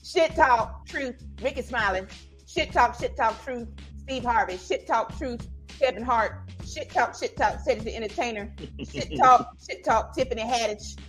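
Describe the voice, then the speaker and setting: A woman's voice: on the high side, moderate pace, fairly bright tone, soft background music, lightly acted. A woman doing an impression of a famous male comedian, reading out a clipped list. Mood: mock-serious.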